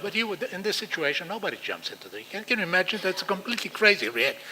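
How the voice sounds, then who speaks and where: A man with an Israeli accent giving a conference talk, animated and acting out quoted dialogue. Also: a little high, fast, few pauses, rough recording. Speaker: lecturer.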